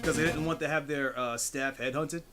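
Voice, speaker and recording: A male streamer talks casually over a retro game, with a slightly high voice. He rambles and swears freely in his asides, and the game's music plays clearly behind him. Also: fairly even intonation, normal speed. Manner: rambling, profane, chatty asides. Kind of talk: casual gaming commentary.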